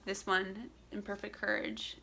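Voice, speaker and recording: Bright-voiced young woman vlogging casually. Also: medium pitch, monotone, a little slow, slight background noise. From Central Florida. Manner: rambling, full of "like" and restarts. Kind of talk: casual chat to camera. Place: home in Florida.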